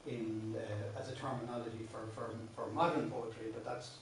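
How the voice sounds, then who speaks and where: A man's voice: medium pitch, fairly even intonation, moderate pace, recorded from a distance, slight background noise. An Irish man teaching a song workshop, explaining verse patterns patiently with many restarts and breaking into sung lines. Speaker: singing teacher. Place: classroom. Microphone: distant room mic. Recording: very echoey classroom, voice off-mic.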